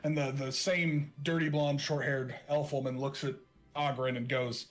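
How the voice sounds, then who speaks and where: A man's voice: medium pitch, little pitch movement, moderate pace, faint music behind. A man narrating a tabletop game as game master, casual and chatty.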